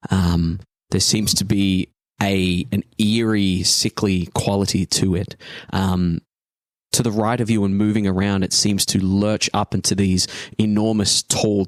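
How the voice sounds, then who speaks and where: Man, game master, low voice, dry close sound, narrating scenes, hesitant uhs. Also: dry recording. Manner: descriptive, hesitant with many uhs.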